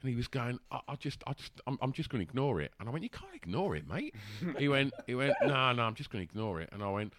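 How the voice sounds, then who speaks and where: Guy spinning a yarn, lots of ums and restarts, chuckling, bright voice, real dry sound. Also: medium pitch, sing-song, fast talker, hardly any pauses, no echo. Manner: rambling, laughing, full of fillers and restarts. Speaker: guest telling a story. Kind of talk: casual anecdote.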